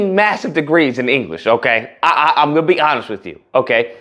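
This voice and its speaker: Man, casual reaction commentary, animated, mocking, laughing, very lively pitch. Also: a little fast. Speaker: commentary channel host.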